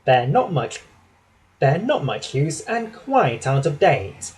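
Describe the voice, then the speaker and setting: A man's voice: fairly high pitch, very animated, slow pace, a little mellow, slightly rough, full character voice. Harold, a man doing a smug, drawling helicopter. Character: boastful male helicopter, smug and superior.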